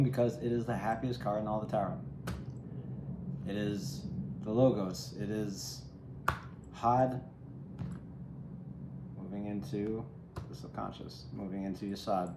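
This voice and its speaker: A man's voice: lowish voice, fairly even intonation, measured pace, pauses often. A man giving a solo tarot reading, musing and reflective, speaking straight to the viewer. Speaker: tarot reader. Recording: echoey room with faint ambient noise.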